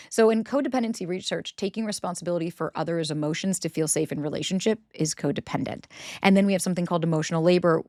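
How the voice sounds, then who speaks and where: A woman with a fairly low voice and a darkish tone hosts a podcast, handing out blunt relationship advice, swearing freely and driving her points home. She acts out the voices of the people she quotes in this candid monologue. The recording is dry, with no room sound.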